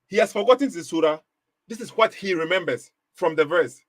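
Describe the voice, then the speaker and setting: The voice is high, animated and fairly quick, with no echo in the room. It belongs to a man hosting a live commentary stream who hammers his point with repeated rhetorical questions, emphatic repetition and brief laughs.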